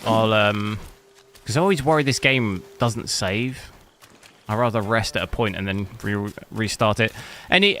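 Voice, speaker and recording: A man's voice: mid-range voice, background noise. A man from England with an English accent, chatting casually to viewers while streaming a game, rambling and hunting for words. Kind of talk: casual live-stream chat while gaming.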